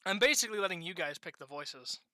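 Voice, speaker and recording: Offhand woman streamer, bright voice. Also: fairly low pitch, expressive, fast, slight background noise. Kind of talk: casual game reading stream.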